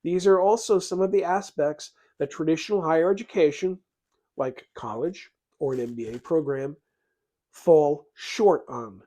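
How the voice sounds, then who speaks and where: A man's voice: on the high side, normal speed, warm tone. A man giving an emphatic, plain-spoken motivational talk on leadership, acting out little bits of dialogue as he goes. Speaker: leadership educator.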